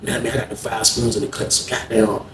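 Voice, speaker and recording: A man telling a story in casual, slang-heavy talk, getting loud when he acts out arguments. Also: mid-range voice, little pitch movement, racing, echoey room, slight background noise. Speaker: storyteller host.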